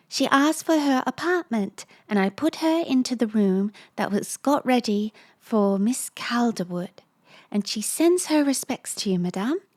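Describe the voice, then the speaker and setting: A woman's voice: fairly high pitch, darkish tone, pitched above the performer's own voice. A woman doing a flustered young maid. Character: pretty young housemaid, flustered.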